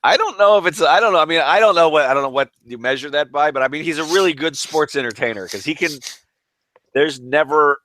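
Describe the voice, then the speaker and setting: A man talking wrestling on a podcast, quick and hedging, filling his points with "I mean." His voice is bright and slightly high. The sound is close and dry. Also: dry recording. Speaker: podcast co-host. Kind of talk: casual wrestling chat.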